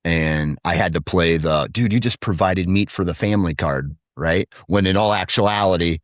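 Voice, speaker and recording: Male guest, 30s, low voice, dry close mic, rambling storyteller. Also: normal speed, no room sound. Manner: rambling, animated when quoting his kids. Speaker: podcast guest, hunter and father. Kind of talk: casual storytelling chat.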